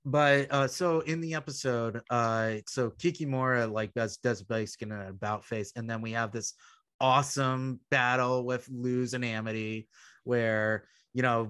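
A man's voice: mid-range voice, fairly bright tone. A man hosting a podcast, casually recapping episodes in a rambling, filler-heavy way. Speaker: podcast host.

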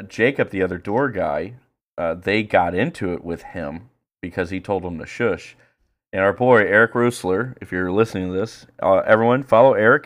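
A man co-hosting a podcast, telling stories in crude, animated casual chat and jumping into high-pitched impressions. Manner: profane, animated storyteller doing high impressions. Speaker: podcast co-host.

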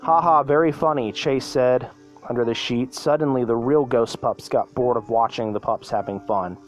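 A man reads a homemade story aloud at a plain, middling pitch. He trips over words and corrects himself mid-sentence. Faint background music runs underneath. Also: steady tone, moderate pace, a little mellow, rough recording. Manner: stumbling, self-correcting reading. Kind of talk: reading a fan story aloud.

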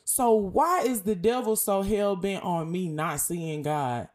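Animated young woman preaching casually. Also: medium pitch, takes it slowly, few pauses. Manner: lively, animated, preachy and conversational. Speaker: podcast host. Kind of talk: casual faith talk.

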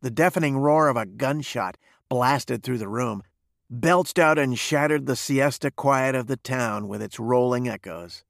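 Gravelly man reading a western. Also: mid-range voice, unhurried, no room sound, clean studio sound. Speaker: narrator. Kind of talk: reading a western novel aloud.

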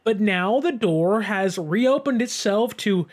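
A man's voice: sits high, slow pace. A man in his twenties hosting a solo sports show, giving emphatic commentary. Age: 20s. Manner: animated, emphatic rant.

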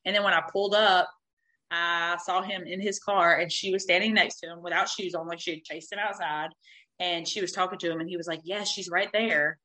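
Bright-voiced woman telling a candid story. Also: fairly low pitch, a little fast, rough recording. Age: 30s. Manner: animated, swears freely, acts out quotes.

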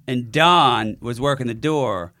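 A male comedian with a bright, forceful voice, telling excited stories on a podcast. He swears freely as he goes. The sound is dry and close. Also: mid-range voice, slow pace, no echo. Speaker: comedian guest. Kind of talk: casual comedy podcast chat.

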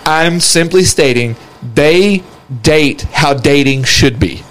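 A man's voice: fairly high pitch, takes it slowly, a bit bright. A man chatting casually as a podcast co-host, rambling and crude, laughing often and acting out quotes in other voices. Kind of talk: casual chat.

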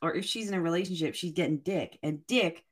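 A woman's voice: lowish voice, fast talker. A woman co-hosting a podcast, teasing and bantering playfully in casual chat.

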